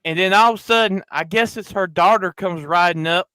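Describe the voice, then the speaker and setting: Guy on a podcast, high bright voice, telling a crude rowdy story, dry close mic. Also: a little fast, clean tone, no room sound. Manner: loud, crude, animated storyteller, acting out quoted voices. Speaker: podcast host. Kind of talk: casual storytelling chat.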